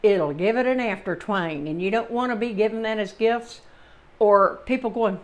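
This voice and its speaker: In her kitchen, a woman from the Southern United States runs a relaxed home cooking demonstration for her channel. She has a Southern American accent, a medium-pitched voice and a moderate pace. Folksy, rambling asides pepper her chatter.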